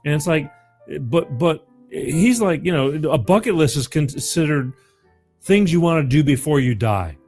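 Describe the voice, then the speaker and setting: A man's voice: a little high, animated, moderate pace, a little mellow, soft background music. A middle-aged man hosting a call-in show, chatting casually and rambling, with frequent laughs and repeats. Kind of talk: casual call-in radio chat.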